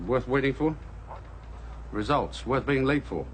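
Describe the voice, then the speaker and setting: An actor playing a dry, weary middle-aged police chief in a TV drama. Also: male voice, medium pitch, unhurried, slight background noise, natural voice. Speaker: senior police officer. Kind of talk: 1980s British TV drama.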